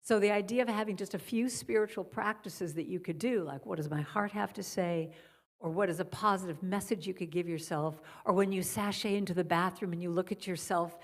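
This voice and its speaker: A middle-aged woman speaking as a guest at a church service, softly guiding listeners and telling stories. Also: fairly low pitch, brisk. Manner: gentle, guiding a breathing exercise then storytelling. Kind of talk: spiritual talk at a church service. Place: church sanctuary.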